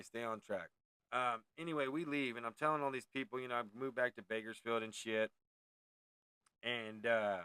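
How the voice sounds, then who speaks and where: A man's voice: lowish voice, fairly bright tone, clear, resonant tone, dry recording. A man around forty from California, telling a haunted story in a rambling, profane, laid-back way, full of tangents and self-corrections. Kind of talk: casual storytelling.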